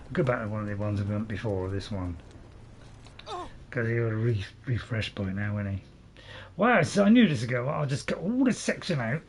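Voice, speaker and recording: Speaking at a moderate pace with a fairly low, expressive voice, a gaming channel host narrates a let's-play to himself. His talk is rambling and chatty, punctuated by frequent chuckles, with slight background noise.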